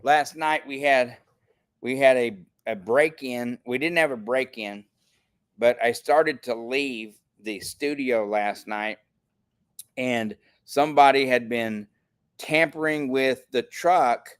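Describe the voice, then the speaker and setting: Older rambling man from Texas, smooth voice. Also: mid-range voice, slow pace. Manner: rambling and indignant, with frequent restarts. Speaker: show host. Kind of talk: casual livestream talk.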